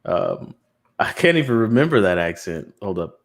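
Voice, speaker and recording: A man co-hosting a podcast, chatting casually and joking through shout-outs to listeners. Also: sits low, sing-song, moderate pace, creaky. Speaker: podcast co-host. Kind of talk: casual live podcast banter.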